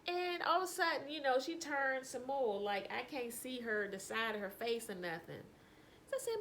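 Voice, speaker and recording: Animated woman telling funny stories. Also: sits high, moderate pace, a little hiss or hum. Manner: animated, laughing through anecdotes. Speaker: vlogger. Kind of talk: casual storytelling.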